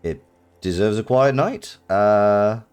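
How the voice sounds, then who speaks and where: A man's voice: lowish voice, slow pace, darkish tone, clear, resonant tone. A British man streaming a video game live, reacting with amused laughter. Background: faint game music.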